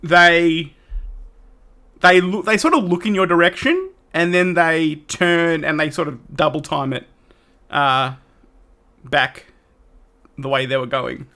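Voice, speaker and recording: A man's voice: a little high, slow pace, long pauses, bright, forceful tone. A man narrating a tabletop horror game as game master, rambling with lots of restarts. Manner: rambling, with many fillers and restarts.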